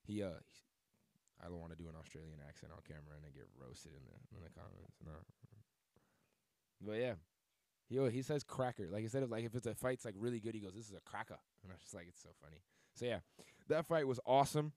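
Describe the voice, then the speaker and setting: A man's voice: lowish voice, expressive, fast talker, vocal fry, dark tone, no echo, clean studio sound. Rambling casual male sports podcaster. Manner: loose, rambling, filler-heavy delivery with self-corrections. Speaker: podcast host.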